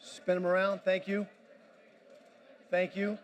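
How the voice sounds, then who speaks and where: A man's voice: high-pitched, little pitch movement, slow pace, a little hiss or hum. A man giving a motivational speech at a banquet, commanding and pumping up the audience. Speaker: motivational speaker. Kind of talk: energetic crowd-directed speech. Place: banquet hall.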